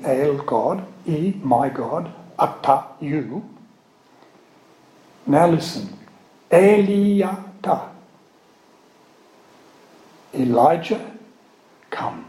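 Slow, mellow-voiced preacher in an echoey room. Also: male voice, mid-range voice. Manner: slow, explanatory, with word studies and asides. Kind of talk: sermon.

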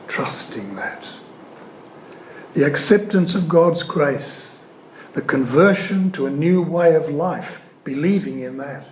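A man giving an earnest, emphatic sermon-style teaching on scripture. He leans hard on key words and pauses often. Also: on the high side, a little mellow, a little hiss or hum. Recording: echoey room.

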